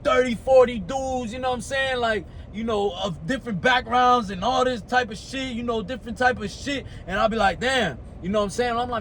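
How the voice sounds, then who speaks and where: High-voiced profane American man, motivating. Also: fairly quick, few pauses, a bit bright, slight background noise. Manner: profane, streetwise, repeats "you know what I'm saying". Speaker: motivational speaker. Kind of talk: casual motivational talk.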